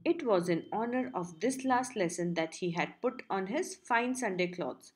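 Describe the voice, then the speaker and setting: Female audiobook narrator, steady clear storytelling, medium pitch. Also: normal speed. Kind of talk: audiobook reading.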